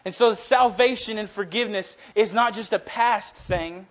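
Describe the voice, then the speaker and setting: A man's voice: high voice, a bit bright, lo-fi sound. A young man in his twenties preaching a casual, earnest sermon that swells into passionate emphasis. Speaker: youth preacher.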